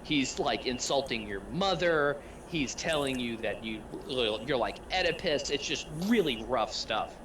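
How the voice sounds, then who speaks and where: A man's voice: medium pitch, lively intonation, measured pace, hardly any pauses, far from the mic, noisy background. Rambling man running a tabletop game. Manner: rambling, filler-heavy narration. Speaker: game master.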